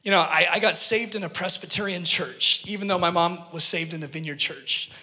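A man preaching with a high, ringing voice, earnest and emphatic, and he often turns to the congregation with a joke. The sound carries a long reverb from a church hall. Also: brisk, pushed and bright. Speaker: pastor. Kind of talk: sermon with personal storytelling.

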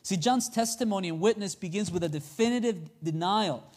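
Brisk and high-pitched with a darkish tone, this preacher talks through his sermon conversationally, regularly turning questions back to his listeners.

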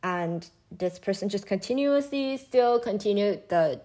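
A young woman casually telling a personal story, swearing freely and getting loud and high when she acts out other people. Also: a little slow. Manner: animated, rising pitch when mimicking, swears freely.

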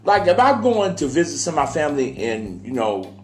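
A man co-hosts a podcast, joking and ranting with strong opinions. His pitch rises and falls a lot. The room sounds echoey, with faint guitar music underneath. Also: very animated, brisk, darkish tone. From Tennessee. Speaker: podcast co-host. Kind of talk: casual chat.

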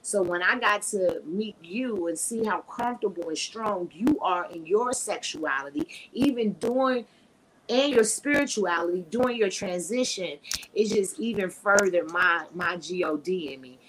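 A woman hosting a casual live podcast, talking frankly and preachily, her voice swinging between loud and soft. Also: mid-range voice, normal speed, background noise. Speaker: podcast host.

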